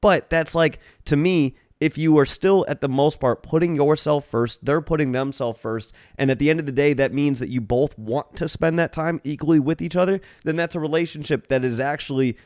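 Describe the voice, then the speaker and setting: A man's voice: fairly high pitch, moderate pace, few pauses, darkish tone, no echo, clean studio sound. A man co-hosting a casual podcast, talking through his ideas at length and checking in with "right?" as he goes. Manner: rambling, explanatory, lots of "right?". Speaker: podcast co-host. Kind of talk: casual chat.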